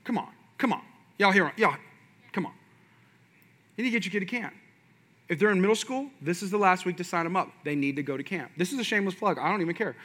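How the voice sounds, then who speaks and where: A man's voice: high voice, very fast, fairly bright tone. A man in his thirties preaching a sermon with passion and energy, mixing in folksy asides. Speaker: pastor.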